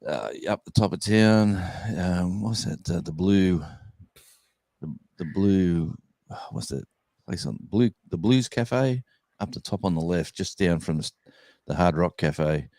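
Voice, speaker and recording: A man's voice: deep voice, unhurried, warm tone, dry recording. A man with an Australian accent telling a rambling story in a casual chat, full of fillers and restarts. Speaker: guest musician.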